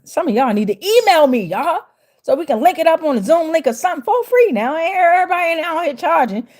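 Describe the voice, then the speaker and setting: On a tarot livestream, a woman reads viewer comments aloud in a slangy, playful, chatty manner, greeting people by name. Her voice sits on the high side and is a little mellow.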